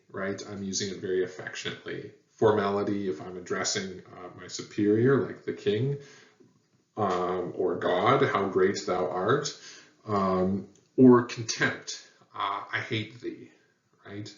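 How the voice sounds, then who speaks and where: A man teaching a lesson, explaining at an easy pace with frequent ums and uhs. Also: low voice. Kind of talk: lecture on language history. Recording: echoey room, dull sound, mic at a distance.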